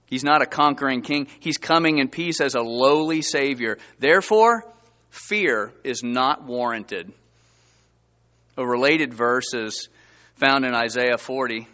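Animated preaching man, bright voice. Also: highs cut off. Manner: animated preaching, rising emphatic pitch and reading scripture aloud. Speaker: pastor. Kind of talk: sermon.

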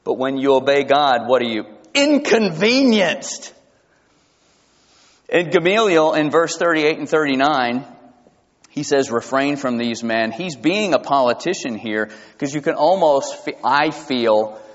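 A man preaching a sermon as pastor, emphatic and animated, often restarting his sentences. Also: medium pitch, moderate pace. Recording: dull lo-fi sound with long hall reverb.

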